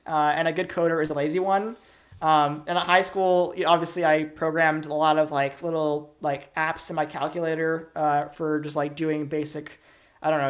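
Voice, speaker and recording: A young man giving a casual game-development workshop, rambling with lots of fillers and little chuckles. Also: on the high side. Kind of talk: casual technical talk.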